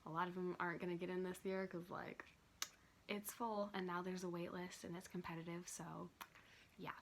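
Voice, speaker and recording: A woman's voice: lowish voice, little pitch movement, moderate pace, slight background noise. A young woman chatting casually to her phone camera from her bed, rambling and drifting off topic, chewing gum as she talks. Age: young adult. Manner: chewing gum while talking. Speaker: vlogger. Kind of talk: casual chat. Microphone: handheld phone camera.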